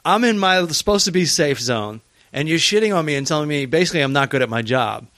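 A man, a touring stand-up comic, telling stories in casual podcast chat, profane and animated, acting out the people he quotes. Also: on the high side, quick pace, no room sound. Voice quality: profane, animated storyteller who acts out quotes. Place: hotel room.

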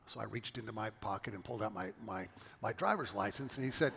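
A man's voice: on the low side, quick pace, creaky, a bit bright, big-room sound, slight background noise. A middle-aged man from California, a pastor giving a sermon and telling stories with asides to the congregation.

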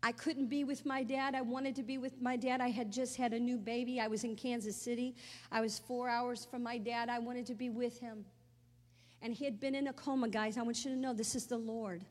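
A woman's voice: fairly high pitch, flat delivery, brisk, darkish tone, in a large hall. A woman preaching a sermon, telling an emotional personal story that swells into exclamations.

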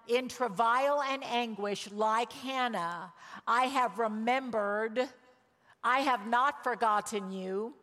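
Woman preaching in a reverberant hall. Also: mid-range voice. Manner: emotional, swings from loud exclamations to hushed tones. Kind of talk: sermon storytelling.

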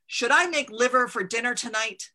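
A woman's voice: on the high side, normal speed, pushed and bright. A woman voicing an exasperated, stubborn country mother in a storybook read-aloud, pleading with a raised voice.

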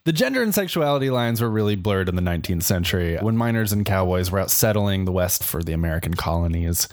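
Low-voiced man telling jokey history. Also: expressive, fast, no room sound, studio quality. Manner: jokey storyteller, playful voices. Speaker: podcast co-host. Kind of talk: casual comedic chat.

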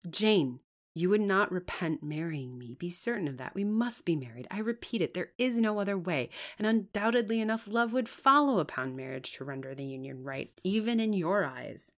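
A woman's voice: on the low side, lively intonation, normal speed, fairly bright tone. A woman voicing a stern, severe young male clergyman who speaks in an insistent, commanding way in an audiobook reading. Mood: firm.

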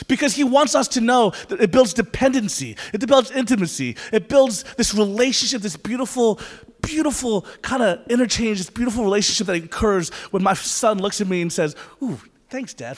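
A man preaching a sermon as pastor, conversational with playful asides that turn to earnest prayer, in a church sanctuary. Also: extremely high pitch. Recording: reverberant church hall.

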